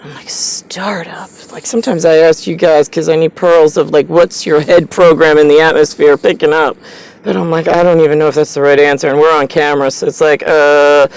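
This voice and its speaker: A woman's voice: low voice, little pitch movement, a little fast, a little mellow, smooth, rough recording. A woman vlogging straight to camera in a meandering, profane, stream-of-consciousness monologue. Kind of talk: rambling direct-to-camera monologue.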